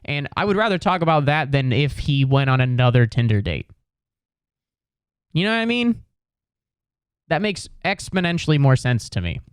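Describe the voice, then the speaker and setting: A man's voice: a little high, very animated, normal speed, long pauses, clear, resonant tone, no room sound, studio quality. A young adult man hosting a solo comedy podcast, rambling and swearing with a self-mocking tone.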